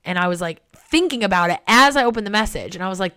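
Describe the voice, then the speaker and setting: A young woman hosting a casual solo podcast, chatty and excitable, swearing freely and filling her talk with "like". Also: mid-range voice, fairly quick. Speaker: podcast host.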